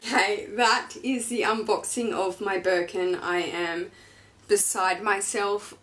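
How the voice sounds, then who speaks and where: A woman's voice: lowish voice, fairly bright tone. A woman in her thirties, a fashion vlogger, talking in a gushing, chatty and emotional way as she unboxes and shares personal news. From Australia. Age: 30s.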